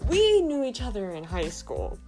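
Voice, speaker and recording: A woman's voice: on the high side, wildly swooping pitch, normal speed, warm tone, soft background music. A young adult woman co-hosting a podcast, trading playful, giggly, mock-dramatic banter. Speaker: podcast co-host. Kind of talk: casual comedic banter.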